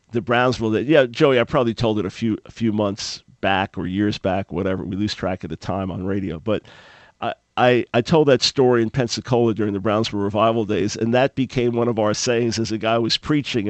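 Emphatic male talk radio host. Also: no echo. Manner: animated, jumps to a much higher, louder voice when acting out his own past thoughts; preacherly, emphatic. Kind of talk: call-in talk radio, telling a story.

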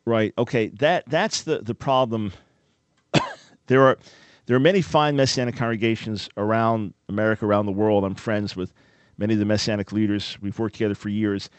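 A man's voice: fairly low pitch, brisk, no echo. A man hosting a call-in radio show, explaining things in an earnest, emphatic way.

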